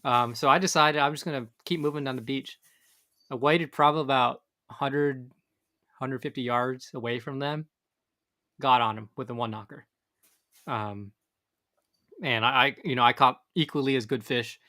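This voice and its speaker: Rambling man, bright voice. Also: mid-range voice, steady tone, moderate pace, long pauses. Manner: rambling, many fillers and restarts. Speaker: podcast co-host. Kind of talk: casual chat.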